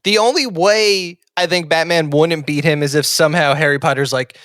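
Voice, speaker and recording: A man's voice: a little high, moderate pace, a bit bright, clean tone, no echo, clean studio sound. A man from the Northeast US co-hosting a casual podcast, speaking in a thoughtful, hesitant way. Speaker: podcast co-host. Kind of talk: casual chat.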